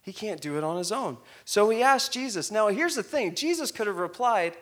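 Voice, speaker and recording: A man's voice: high-pitched, moderate pace. A male pastor preaching a sermon, reading scripture and acting out the quotes, asking the congregation to repeat lines. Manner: expressive, acts out quotes, asks congregation to repeat.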